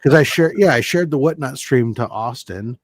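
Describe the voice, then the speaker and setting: A man's voice: mid-range voice, expressive, normal speed, no echo, studio quality. A man telling a rambling story in casual chat on a video hangout, often stopping and restarting mid-sentence. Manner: rambling, self-interrupting storyteller. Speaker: panel guest. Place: home, joined by video call.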